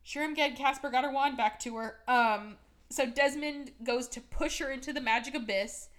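Brief: young woman podcast host, high and bright, sarcastic casual movie recap. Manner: chatty, sarcastic, full of fillers and quick quoted voices.

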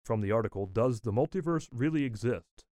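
A man reading a written nonfiction text aloud in a measured, deliberate way, speaking the citations and quote marks as he goes. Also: mid-range voice, expressive, dark tone, dry recording, studio quality.

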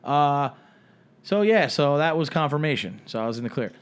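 A man telling a story in casual podcast chat, rambling and halting with many restarts. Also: a little high, lively intonation, clean tone.

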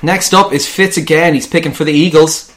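A man's voice: fairly high pitch, fairly even intonation, brisk, a bit bright. Laid-back man hosting a podcast. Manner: laid-back, laughs often, swears casually. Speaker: podcast host running a mock draft. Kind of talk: casual joking chat.

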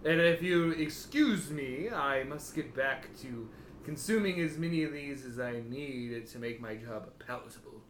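A man's voice: mid-range voice, animated, measured pace, a little hiss or hum, natural voice. A man voicing an eccentric, tipsy male wood elf wizard who works as a lawyer, slurring, joking and repeating his words. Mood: weary. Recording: roomy echo.

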